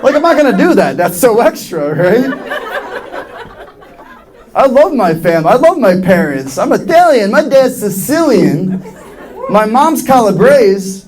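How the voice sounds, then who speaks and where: A young man from New York performs stand-up in a comedy club, his voice sitting high and swinging widely as he jumps between characters. He speaks with loud crowd laughter rolling in behind him. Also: a little slow, pauses often. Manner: animated, acts out voices of others. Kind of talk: stand-up routine. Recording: live club with audience laughter. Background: audience laughing.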